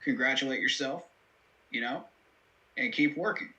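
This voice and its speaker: A man's voice: medium pitch, normal speed, bright, forceful tone, muffled recording. A man hosting a live football reaction stream, talking through the game in an earnest, analytical way with many fillers. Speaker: host.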